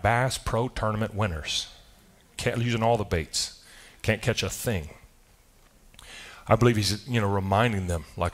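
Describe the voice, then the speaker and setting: A man with a fairly low voice delivers a church sermon. He speaks emphatically and conversationally and often breaks off to restart a phrase. He throws rhetorical questions to his listeners. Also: fairly even intonation, normal speed. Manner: loose delivery with frequent restarts. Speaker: pastor. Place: church service.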